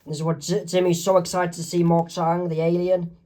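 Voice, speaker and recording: Man, comic artist reading his own comic aloud, halting, fillers. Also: high-pitched, level tone, mellow. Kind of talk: casual storybook reading.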